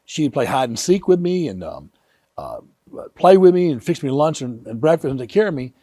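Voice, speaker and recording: A man in his fifties, an author telling personal stories in an earnest, animated way. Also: on the high side, moderate pace, no room sound, clean studio sound. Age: 50s. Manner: animated, earnest, vivid retelling. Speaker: author and guest. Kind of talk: emotional personal storytelling.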